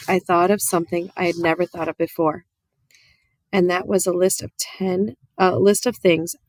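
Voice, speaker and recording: Calm woman reading a storybook aloud. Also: on the low side, no room sound. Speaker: audiobook reader. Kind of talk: storybook read-aloud narration.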